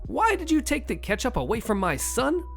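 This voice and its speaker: Man putting on a shrill furious entitled mother. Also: huge pitch swings, normal speed, creaky, fairly bright tone, soft background music, heavily acted. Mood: indignant. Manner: shrieking, indignant, demanding. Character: shrill entitled angry mother, middle-aged woman.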